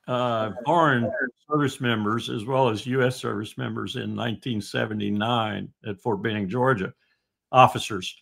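A man in his sixties speaks with a gravelly, rough-edged voice. He talks in a halting, anecdotal way, with frequent fillers. It sounds like a casual discussion. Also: mid-range voice, fairly bright tone. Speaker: guest commentator.

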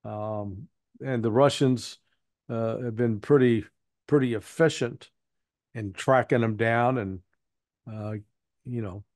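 A man in a mid-pitched voice, giving blunt commentary as an interview guest. He rambles and restarts his sentences, stacking fillers as he goes. The sound is dry and close to the mic. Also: slow pace, long pauses, darkish tone, no echo. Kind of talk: casual spoken commentary.

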